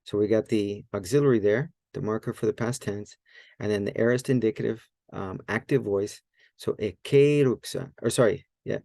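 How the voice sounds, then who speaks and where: A man's voice: lowish voice, normal speed, creaky, mellow, no echo. A man teaching a Greek grammar lesson in a casual, think-aloud way, often correcting himself and using many fillers. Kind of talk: casual screen-share lesson.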